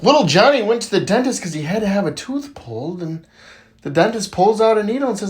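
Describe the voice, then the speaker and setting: A man telling jokes casually, jumping into high voices for the characters. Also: very animated, brisk. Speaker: joke teller.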